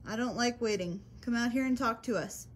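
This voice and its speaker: A woman paranormal investigator calmly and persistently asking questions of spirits during a ghost hunt. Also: a little high, fairly quick, a little hiss or hum. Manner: calm, coaxing, persistent questions.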